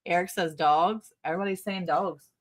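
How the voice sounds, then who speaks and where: A woman's voice: on the low side, steady tone, moderate pace. A middle-aged woman co-hosting a casual livestream, giggling often and reading viewer comments aloud. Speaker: livestream co-host.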